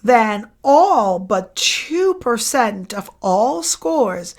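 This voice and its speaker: A woman's voice: fairly high pitch, big pitch swings, extremely slow. A woman lecturer going over exam questions, repeating each question and answer and checking in with the listener as she goes. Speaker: psychology lecturer. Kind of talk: exam review lesson.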